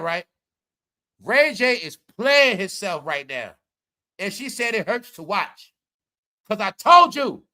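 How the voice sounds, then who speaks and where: A man hosting a live commentary stream, talking straight to his viewers in an animated, preachy way. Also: high voice. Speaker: commentary livestream host.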